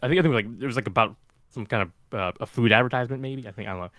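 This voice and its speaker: A man's voice: medium pitch, fairly bright tone, no room sound. A man co-hosting a casual stream on a voice call, rambling and correcting himself as he goes. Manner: rambling, self-correcting, quick. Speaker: co-host of a manga re-read stream.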